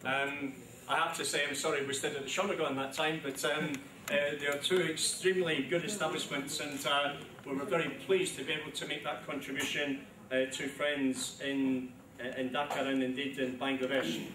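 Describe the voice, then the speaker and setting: A man's voice: a little high, level tone, normal speed, distant mic, background noise. A man with a London accent giving a genial, rambling speech at a press launch, with many ums and asides. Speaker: government minister giving a speech. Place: large echoey event hall. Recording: echoey hall, speaker off-mic.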